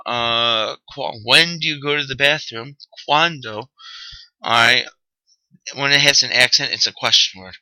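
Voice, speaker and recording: A man's voice: medium pitch, normal speed, pushed and bright, clear, resonant tone, dry recording, rough recording. A man teaching a recorded vocabulary lesson, upbeat and joking, checking in with "okay?" often. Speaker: Spanish teacher.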